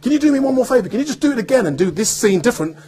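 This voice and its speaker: A man's voice: very high-pitched, very animated, rapid-fire, darkish tone, breathy edge, pitched above the performer's own voice, heavily acted. A man voicing an enthusiastic male TV producer on a phone call, eager and persuasive, repeating his praise.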